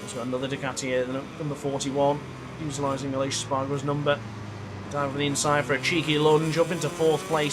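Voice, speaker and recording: Over a noisy background, a man with a slightly high voice speaks fairly quickly in livestream gameplay commentary. Excitable and mimicking a race-caller for his own race, he breaks into frustrated outbursts.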